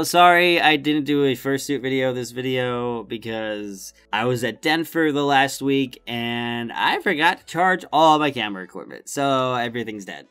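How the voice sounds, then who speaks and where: A young man telling a story-time vlog, animated and acting out his customers with sudden shouts. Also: mid-range voice, clear, resonant tone. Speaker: vlogger.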